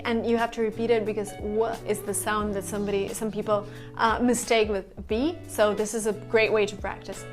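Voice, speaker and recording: A woman teaching everyday phrases in a casual lesson, acting out the examples with lively expression. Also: on the high side, fairly quick, few pauses, soft background music. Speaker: English teacher.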